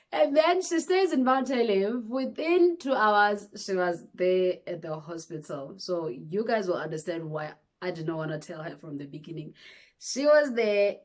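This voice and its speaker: A young woman, telling a personal story to camera in a casual, animated way. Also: medium pitch, slight background noise. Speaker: vlogger.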